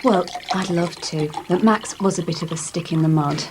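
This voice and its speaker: A woman's voice: on the low side, normal speed, a little mellow, a little hiss or hum, lightly acted. A middle-aged woman playing a polite, slightly flustered neighbour in a 1990s TV soap.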